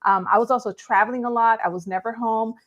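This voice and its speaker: An upbeat woman from Los Angeles talks as a guest on a live show. Her voice sits a bit high, and her delivery is chatty and friendly. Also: fairly even intonation, quick pace, a bit bright, highs cut off. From Los Angeles, California. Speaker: guest, real estate agent. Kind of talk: casual interview chat.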